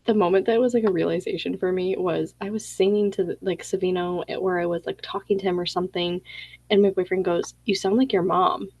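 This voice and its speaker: Husky, blunt mom host, dry lo-fi audio. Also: female voice, lowish voice, fairly even intonation, quick pace, mellow, no room sound. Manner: blunt, emphatic asides. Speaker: podcast host. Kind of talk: casual chat.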